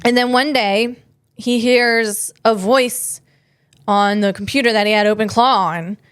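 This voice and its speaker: A woman comedian talks through her podcast in a loose, rambling way, often laughing at her own stumbles. Her voice sits a little high. The sound is dry and close, with no room around it. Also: fairly even intonation, a little slow, clear, resonant tone, no echo. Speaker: podcast host, tech comedian. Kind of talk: casual comedic monologue.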